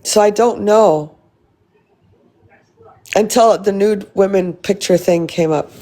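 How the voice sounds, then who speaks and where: A woman hosts a casual live stream, reading and answering her viewers' comments. She talks in a blunt, rambling way and swears freely. Her voice sits at an ordinary mid pitch. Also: slow, dark tone.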